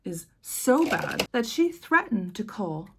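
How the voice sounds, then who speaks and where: A woman's voice: medium pitch, very animated, slow, background noise. An American woman vlogging with impassioned, emphatic force, telling a personal story straight to camera. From United States. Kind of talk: emotional personal monologue.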